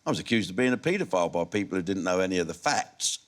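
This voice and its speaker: A man's voice: sits low, animated, very fast. A man, a comedian answering interview questions candidly and laughing at his own punchlines in a TV studio. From England. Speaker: comedian guest. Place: television studio.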